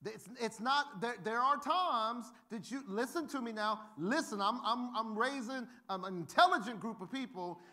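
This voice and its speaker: At normal speed and with few pauses, a man with an extremely high-pitched voice delivers a sermon. He tells amusing stories with animated humor, voicing the people in them himself.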